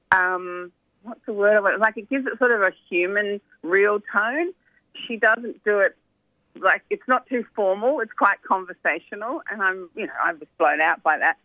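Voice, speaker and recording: A woman's voice: medium pitch, no room sound. A middle-aged documentary filmmaker, a woman, chatting animatedly as a phone-in guest. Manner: chatty, animated storytelling with asides. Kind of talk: phone interview. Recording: tinny phone line.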